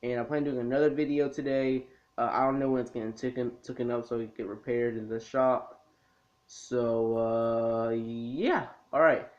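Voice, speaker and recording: Speaking at a moderate pace in a steady, mid-range voice with a slightly mellow quality, a man casually goes over a cartoon episode for his video review. The anime review vlogger is laid-back and rambling, restarting often and saying um a lot, and the lo-fi audio is slightly muffled.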